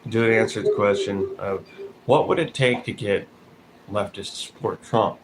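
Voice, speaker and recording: A man's voice: fairly low pitch, moderate pace, low-quality recording. A man giving blunt, profane commentary in a casual vlog, calling people out directly. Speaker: vlogger. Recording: noticeable background noise.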